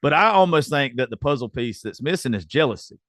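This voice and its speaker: A man's voice: mid-range voice, animated, fairly quick, a bit bright, no room sound, clean studio sound. A man hosting a podcast, thinking aloud in casual chat. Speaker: podcast host.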